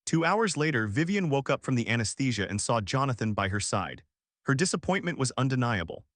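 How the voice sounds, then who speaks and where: A man narrating an emotional story in first person, steady and earnest. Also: medium pitch, a little fast, dry recording, clean studio sound.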